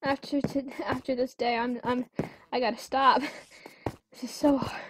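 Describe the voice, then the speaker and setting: Jumpy high-voiced woman gaming. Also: little pitch movement, moderate pace, background noise. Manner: jumpy, gasping, talks to game creatures. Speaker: gamer. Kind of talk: let's play commentary.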